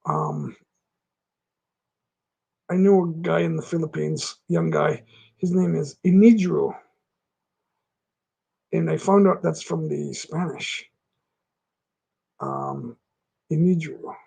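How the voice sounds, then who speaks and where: A man's voice: fairly high pitch, takes it slowly, gravelly, pauses often, dark tone, breathy edge. A middle-aged man hosting a casual livestream, rambling through stories with frequent restarts and laughing at his own anecdotes. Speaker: livestream host. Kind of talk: casual chat reading out viewer comments.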